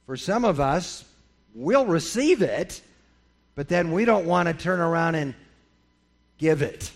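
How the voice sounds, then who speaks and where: A middle-aged male pastor preaching a sermon in an animated way, acting out the voices of the people in his stories. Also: on the high side, a little slow, pauses often. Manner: animated, acts out quoted voices.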